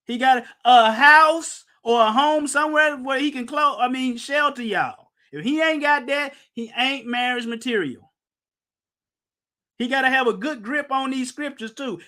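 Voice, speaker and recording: Man, preacher, high-pitched, emphatic, rhetorical questions, casual sermon. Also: sharp tone. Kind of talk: informal Bible-teaching sermon.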